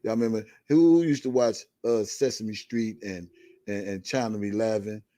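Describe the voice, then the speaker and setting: Recorded in a dry studio with no room sound, a male host of a live online show reads a court filing aloud in a lowish, dark voice with lively intonation. He layers in his own emphatic commentary, stretching out his stresses and circling back again and again to a catchphrase.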